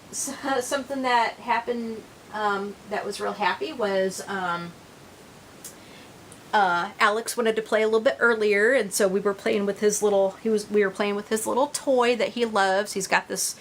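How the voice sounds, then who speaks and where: A woman's voice: mid-range voice, fairly bright tone, a little hiss or hum. Rambling middle-aged woman chatting to viewers. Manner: rambling, many fillers and restarts. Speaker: reborn doll vlogger. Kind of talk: casual chat to viewers.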